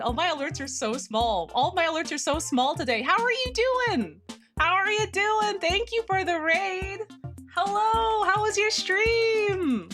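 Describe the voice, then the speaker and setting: A young woman streamer chatting casually with viewers, animated and slangy, swinging between excitement and deadpan. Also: very high-pitched, a little slow. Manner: slangy, lots of fillers. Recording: faint music behind the voice.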